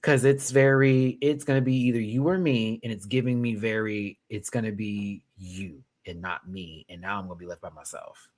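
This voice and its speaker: A man giving a casual, sassy review of a reality show, swinging from loud outbursts to hushed asides and laughing often. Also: fairly low pitch, steady tone, normal speed, hardly any pauses, a little hiss or hum. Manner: laughs often while talking. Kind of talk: casual reaction commentary.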